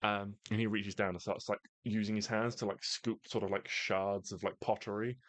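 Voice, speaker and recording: A man narrating as game master of a tabletop game, halting and full of fillers. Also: fairly low pitch, flat delivery, dry recording.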